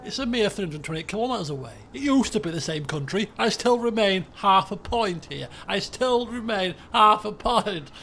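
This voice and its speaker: A man streaming a geography guessing game, chatty and excitable, swearing and breaking into shouts when frustrated. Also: high-pitched, normal speed, hardly any pauses, a little hiss or hum. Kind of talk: casual live-stream commentary while playing a geography guessing game.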